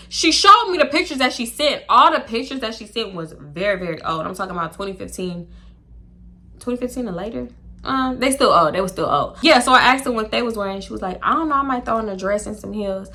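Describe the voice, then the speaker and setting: A young woman telling a casual storytime, chatty and animated, acting out quoted dialogue with laughs. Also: on the high side, brisk. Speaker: storytime YouTuber.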